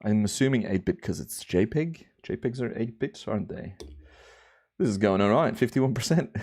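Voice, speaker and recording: Male streamer, young, easygoing rambling chat, lowish voice. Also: moderate pace. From Australia. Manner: relaxed, rambling, chatty with viewers. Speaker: livestream host. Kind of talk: casual livestream chat.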